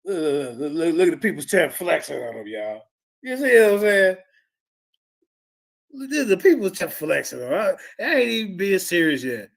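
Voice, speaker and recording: Boastful high-pitched gravelly man. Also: sing-song, moderate pace. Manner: boastful, mocking, repetitive, addresses chat as "y'all". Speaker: streamer reacting to debate clips. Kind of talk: trash-talking live commentary.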